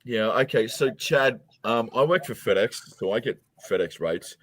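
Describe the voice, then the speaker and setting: A man's voice: mid-range voice, animated, moderate pace, a bit bright. Stammering, teasing male stream host. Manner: rambling, stammering restarts, teasing. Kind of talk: casual chat on a livestream. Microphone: remote stream call.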